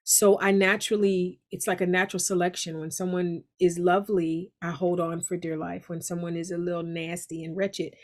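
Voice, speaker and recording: Middle-aged woman, actress guest, casual interview chat, lively, laughs often. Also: lowish voice, moderate pace, few pauses. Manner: lively and laughing, with frequent restarts.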